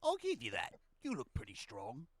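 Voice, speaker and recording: Pirate captain, a man putting him on: male, brash, bargaining, loud and animated. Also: mid-range voice, normal speed, no echo. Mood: threatening.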